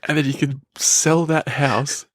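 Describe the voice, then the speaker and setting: A man's voice: on the high side, steady tone, measured pace, dry recording, clean studio sound. A man, co-hosting a podcast in casual banter, joking dryly and laughing at his own bits. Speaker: podcast co-host.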